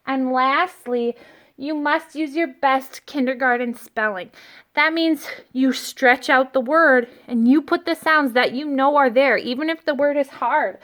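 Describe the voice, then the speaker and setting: A woman teaching kindergartners by video from an empty classroom, speaking gently, slowly and encouragingly into a phone set down in front of her. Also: high voice. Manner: gentle, slow and encouraging, talks to small children. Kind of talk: remote lesson to young children.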